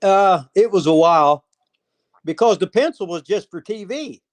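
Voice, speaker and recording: A man's voice: high voice, animated, moderate pace. Rambling older man, laughing and swearing. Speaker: former pro wrestler, guest. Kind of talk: casual storytelling chat.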